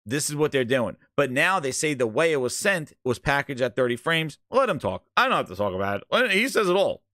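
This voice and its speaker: A man's voice: mid-range voice, sing-song, brisk, fairly bright tone, no echo, studio quality. A man hosting a gaming channel, ranting in exasperated, sarcastic commentary over a video clip.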